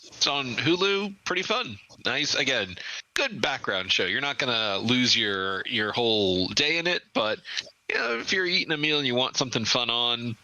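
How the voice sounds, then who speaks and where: A man's voice: medium pitch, expressive, normal speed, pushed and bright, no echo, poor audio. A man co-hosting a podcast, chatting casually in short, easygoing phrases. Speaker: podcast co-host. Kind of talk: casual chat.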